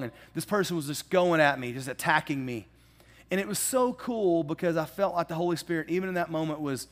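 A man preaching a sermon in a casual, animated storytelling way, with humorous asides. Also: fairly high pitch. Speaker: pastor.

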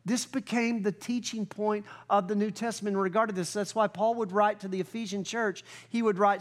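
A man with a high, light voice preaching to his congregation. He slows down to read scripture and grows louder and higher when he presses his point. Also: fairly even intonation. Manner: earnest preaching, rises in pitch and volume when fired up, slows down for scripture. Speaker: pastor. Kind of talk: sermon.

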